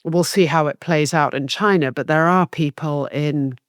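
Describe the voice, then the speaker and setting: A woman's voice: sits low, moderate pace, no echo, studio quality. A woman co-hosting a political podcast, laying out her points in a structured, analytical way. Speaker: podcast co-host.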